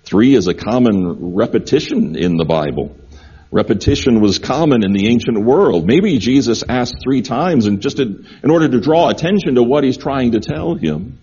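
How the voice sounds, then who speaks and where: A man's voice: medium pitch, expressive, normal speed, mellow, slightly rough, lo-fi sound. A man preaching a sermon, earnest and repeating key phrases for emphasis. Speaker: pastor.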